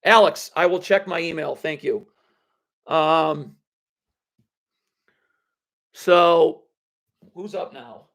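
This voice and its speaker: A man's voice: on the high side, drawn-out words, long pauses, a bit bright. A man hosting a live basketball draft reaction stream, blunt and sarcastic as he rants. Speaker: basketball livestream host.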